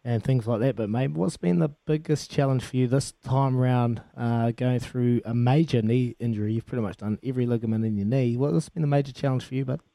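A man's voice: mid-range voice, fairly even intonation, fairly quick, vocal fry, hardly any pauses, warm tone, no room sound. A man with a New Zealand accent hosting a radio show, chummy and calling everyone mate. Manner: chummy, calls people mate. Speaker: radio host. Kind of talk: casual radio chat.

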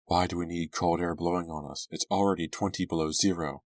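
Guy reading teen girl, cold and snippy, low dry voice, audiobook. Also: fairly even intonation, fairly quick, no echo. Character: sharp-tongued teen girl, cold, cranky.

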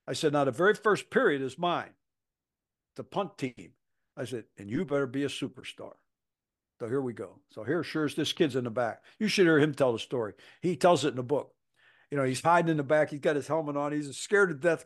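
A man in his seventies, a football coach, telling a story on a podcast, acting out the quoted voices with salty language. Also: mid-range voice. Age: 70s.

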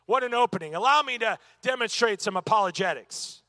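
A man's voice: sits high, lively intonation, brisk, bright, forceful tone, dry recording. A man teaching a church Bible lesson, emphatic and dotted with "amen" and rhetorical questions.

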